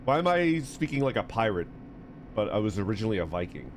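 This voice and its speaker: A man's voice: lowish voice, sing-song, fast talker, slight background noise. A man streaming a game, joking, laughing, and reading dialogue aloud with game music in the background. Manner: goofy, laughing, jumps between silly voices and reading.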